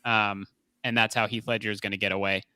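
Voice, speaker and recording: A man's voice: fairly low pitch, level tone, quick pace, bright, forceful tone, smooth, dry recording. Rambling male podcast co-host. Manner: rambling, many fillers and restarts. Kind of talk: casual movie review chat.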